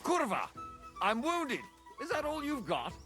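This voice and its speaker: An actor playing a cocky young swordsman who shouts taunts and battle cries in a video game duel. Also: very high voice, huge pitch swings, a little slow, loud music behind the voice, full character voice. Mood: taunting. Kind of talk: video game combat barks.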